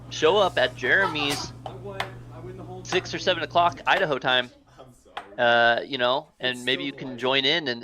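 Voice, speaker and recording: A man's voice: on the high side, sharp tone. A man with an American accent doing live play-by-play air hockey commentary, nearly losing his voice, rambling and thanking donors. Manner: rambling, chatty, thanks donors between plays.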